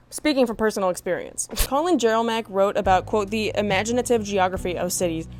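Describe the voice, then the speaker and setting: Profane, ranting woman with high voice. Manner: profane, exasperated, animated ranting. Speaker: comedic commentator. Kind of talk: comedic rant monologue.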